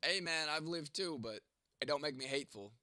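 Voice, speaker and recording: Profane, rambling livestream host, dry sound. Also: male voice, a little high, expressive, brisk, pushed and bright, no echo. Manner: profane, rambling, talks straight to viewers. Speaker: livestream host reading chat. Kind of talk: casual live-stream chat.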